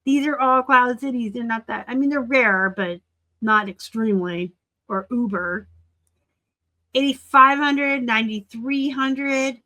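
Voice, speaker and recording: A woman in her forties hosting a reseller channel, chatting casually and excitably as she looks over sold listings. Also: fairly high pitch, a little slow. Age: 40s. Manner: chatty and excitable, gushing over items and teasing seller titles. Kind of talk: casual screen-share commentary.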